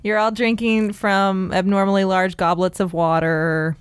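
A woman's voice: medium pitch, flat delivery, a little slow, clear, resonant tone, no room sound, clean studio sound. A woman doctor co-hosting a podcast, telling history in a chatty, laughing way. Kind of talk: casual storytelling chat.

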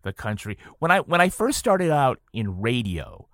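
A man's voice: mid-range voice, moderate pace, no room sound, studio quality. A man from western Massachusetts, a podcast guest telling stories in casual conversation. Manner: storytelling, animated when quoting people. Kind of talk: casual chat.

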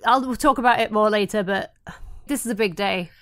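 A woman's voice: medium pitch, normal speed, fairly bright tone. A woman co-hosting a podcast in casual chat while sick, giddy and wry as she talks. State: sick with a cold. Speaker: podcast co-host.

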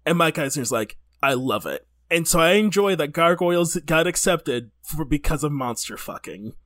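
A man co-hosting a comedy podcast with a slightly high voice. He tells the story in loose, joking chat, breaks into silly impressions, and laughs often. He is recorded close and dry. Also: lively intonation, normal speed, fairly bright tone, dry recording. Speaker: podcast co-host.

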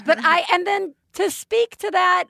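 A woman co-hosting a chatty parenting podcast, her voice high and gravelly with a vocal fry. She talks in an effusive, animated way and laughs often. The recording is dry and close. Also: unhurried, dry recording. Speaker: podcast co-host. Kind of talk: casual chat.

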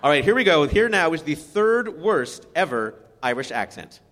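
A man hosts a comedy quiz, wry and quick to laugh. His voice is high and bright and swings widely. The stage has long reverb and faint noise. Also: very animated. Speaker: quiz show host.

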